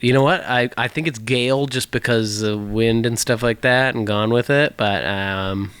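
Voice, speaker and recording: A male co-host of a casual podcast swears freely, jokes around, and rambles off on tangents. His medium-pitched voice is a bit bright and clean, at normal speed, with no room sound.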